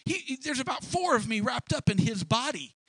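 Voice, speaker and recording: A man's voice: extremely high pitch, lively intonation, a little fast, bright, forceful tone, husky, dry recording, clean studio sound, voice pushed up, heavily acted. A man voicing a frightened, boastful adult soldier who stammers nervously and insists he will not fight. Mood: scared.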